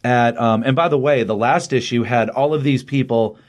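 A man's voice: mid-range voice, normal speed. A middle-aged man co-hosting a podcast, casually retelling comic plots in a chatty way with frequent fillers. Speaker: podcast co-host reviewing comics. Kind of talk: casual review chat.

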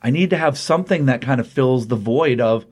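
A man casually recapping a comic book story, lively, with quick voices for the characters he quotes. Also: mid-range voice, breathy edge.

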